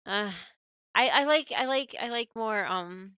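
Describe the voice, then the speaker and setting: A woman's voice: a little high, measured pace, bright, forceful tone, clean tone, no echo, muffled recording. An American woman streaming, chatting casually with her chat, laughing often and rambling with lots of fillers. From United States. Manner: giggly, rambling, apologetic, many fillers.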